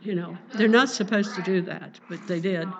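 An older woman preaching a sermon in a gentle, earnest, conversational way, quoting scripture. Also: on the low side, moderate pace. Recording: dull lo-fi recording.

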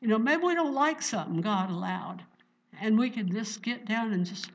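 A woman's voice: medium pitch, lively intonation, normal speed, far from the mic. A woman pastor teaching a Bible sermon, fervently exclaiming praise and putting rhetorical questions to her listeners. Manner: fervent, exclaims "Praise the Lord" and "Hallelujah" often. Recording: dull lo-fi recording.

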